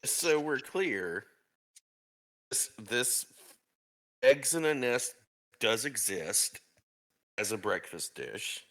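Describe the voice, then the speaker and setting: A man hosts a casual podcast and welcomes his co-hosts. His voice is bright and sits at a middle pitch. He talks in a dry, matter-of-fact way and keeps steering the group back to the episode. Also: animated, extremely slow, pauses often. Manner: dry, trying to steer things back on track. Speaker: podcast host. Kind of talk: casual chat and show hosting.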